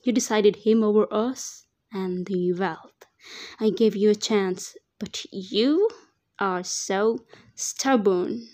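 A woman voicing a ruthless male crime boss who taunts slowly in a fan fiction audiobook reading. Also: mid-range voice, darkish tone, close to an everyday voice. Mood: taunting.

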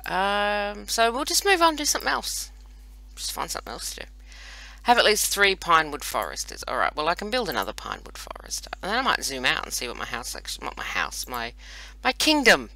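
A woman's voice: lowish voice, wildly swooping pitch, brisk, vocal fry, bright, forceful tone, dry recording, rough recording. A woman hosting casual gameplay commentary, rambling and chatty with self-mocking asides, recorded on a computer microphone. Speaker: host playing a browser strategy game.

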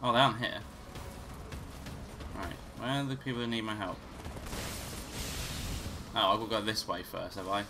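A man's voice: on the low side, normal speed, pauses often, music in the background. A man hosting a let's play, casually commentating, swearing and joking to himself as he plays. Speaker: gaming channel host.

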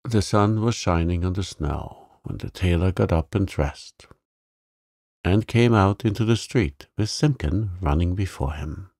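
Slow, deep-voiced gravelly male narrator. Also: no echo, studio quality. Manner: calm, slow and soothing. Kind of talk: bedtime sleep story narration.

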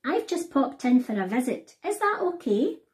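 A woman's voice: sits high, big pitch swings, moderate pace, a little mellow, voice pushed up. A woman reading a storybook voices a prim, fussy lady visitor. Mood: polite.

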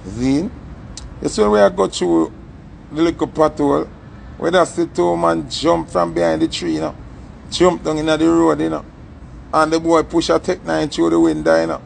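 A young man with a Jamaican accent telling a story in a casual, animated way and acting out the voices in it. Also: fairly high pitch, moderate pace, gravelly, a little hiss or hum. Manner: animated, acts out the story's voices, patois-heavy.

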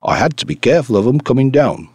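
A man's voice: medium pitch, sing-song, quick pace, a little mellow, slightly rough, no echo, pitched above the performer's own voice. A man voicing a cheerful, self-satisfied old financier in an audiobook reading, genial and condescending.

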